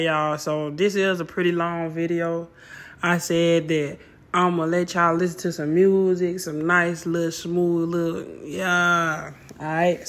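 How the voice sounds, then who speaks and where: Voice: medium pitch, a bit bright. Laid-back slangy home cook vlogging. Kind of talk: casual cooking vlog chat.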